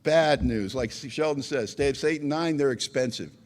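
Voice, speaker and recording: A man's voice: mid-range voice, normal speed. A middle-aged American man telling his recovery story at a meeting, earnest and self-deprecating, with acted quotes. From United States.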